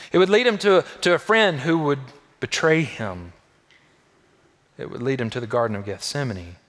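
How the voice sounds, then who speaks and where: A male pastor preaching to his congregation in a sermon that builds and falls. He repeats phrases for weight, rising to loud, high peaks and then sinking into soft, low tones. His voice sits at a middling pitch, and a long reverb trails it through the large church hall.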